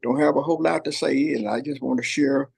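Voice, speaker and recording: Gravelly older man telling family stories. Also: mid-range voice, fairly even intonation, fairly quick, darkish tone. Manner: earnest, folksy, repeats phrases, voices his granddaughter in quotes. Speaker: host. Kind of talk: heartfelt storytelling chat. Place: workplace shop.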